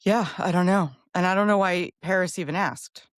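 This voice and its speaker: A woman co-hosting a podcast in casual chat, enthusiastic and rambling, with quick asides. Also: lowish voice, no room sound, studio quality. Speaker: podcast co-host.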